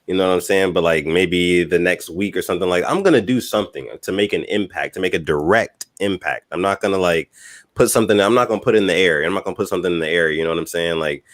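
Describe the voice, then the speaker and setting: A man's voice: sits low, fast, no room sound. A man in casual podcast chat who talks in a laid-back way and fills his speech with "you know what I'm saying.".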